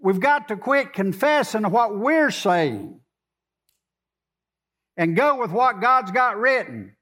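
A man's voice: sits high, sing-song, slow, a bit bright. A man preaching a sermon, quoting scripture and coaxing his congregation in a conversational way.

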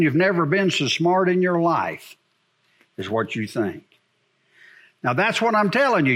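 A man's voice: on the high side, a bit bright. A man preaching a sermon as pastor, emphatic and repeatedly asking the congregation whether they hear him.

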